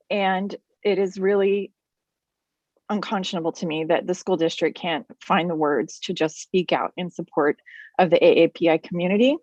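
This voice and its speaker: Woman, parent commenter, lowish voice, hesitant and earnest, muffled dry recording. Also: fairly quick, dry recording. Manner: earnest, hesitant with many ums. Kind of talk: public comment.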